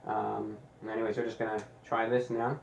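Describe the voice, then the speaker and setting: A man reviewing pizza in a deliberate, casual way, with dry sarcastic asides. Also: on the low side, level tone, creaky, roomy sound, a little hiss or hum, low-quality recording. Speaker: food reviewer.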